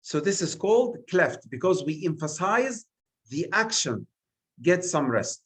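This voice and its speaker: A male English teacher giving an exam revision lesson, speaking deliberately and stressing single words one at a time. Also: a little high, very animated.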